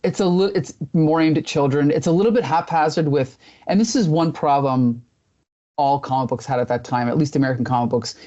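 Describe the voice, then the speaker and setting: A man's voice: a little high, brisk, warm tone. A man co-hosting a casual comics discussion, rambling and thinking aloud as he goes. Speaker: podcast co-host. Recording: dull lo-fi audio.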